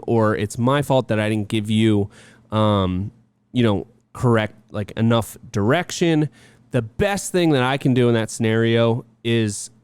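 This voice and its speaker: A man co-hosting a casual podcast, his voice clean and smooth at an everyday pitch. He rambles and restarts with lots of fillers and slips into sarcastic jokes. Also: darkish tone, no echo. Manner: joking, sarcastic. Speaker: podcast co-host. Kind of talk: casual chat.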